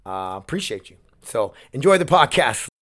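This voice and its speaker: A man's voice: mid-range voice, very animated, normal speed, a crowd in the background. A man hosting his own solo podcast, talking casually in a rambling, candid way and swearing often, close on the mic. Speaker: podcast host.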